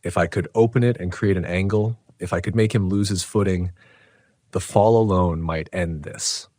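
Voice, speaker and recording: A man with a very low, deep voice tells a scripted first-person horror story in a tense, low delivery, pausing for drama. The sound is dry and close, with no room behind it. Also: fairly even intonation, a little mellow, no echo. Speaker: narrator.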